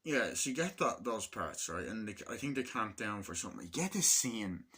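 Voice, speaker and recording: A man's voice: lowish voice, sing-song, moderate pace, sharp tone. Rambling, cussing man reviewing a film. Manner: rambling, filler-heavy, swears often, acts out film lines. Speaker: movie reviewer. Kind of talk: casual spoken film review.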